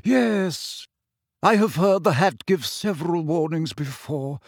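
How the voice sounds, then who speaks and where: A man's voice: fairly high pitch, animated, takes it slowly, no room sound, studio quality, voice pushed up, full character voice. A man voicing a fussy, easily offended old male ghost nobleman in a storybook reading. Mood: explaining. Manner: prim, reproving, affronted.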